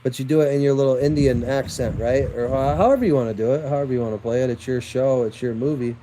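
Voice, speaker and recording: A man's voice: medium pitch, fairly even intonation, fast talker, mellow, a little hiss or hum, low-quality recording. Man, ranting monologue to viewers, defiant, rambling, repetitive, crude at times.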